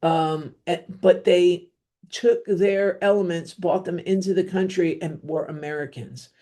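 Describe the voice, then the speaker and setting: Blunt New Jersey woman with a mellow voice. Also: fairly low pitch, unhurried. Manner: rambling, blunt, with offhand asides and frequent fillers. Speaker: podcast host. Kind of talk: opinionated solo podcast monologue.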